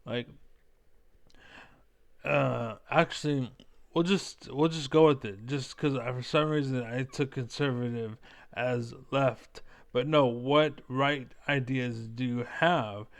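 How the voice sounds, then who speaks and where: A man's voice: mid-range voice, takes it slowly, creaky. A man giving angry reaction commentary, profane and combative, rambling as he argues. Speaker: reaction video creator.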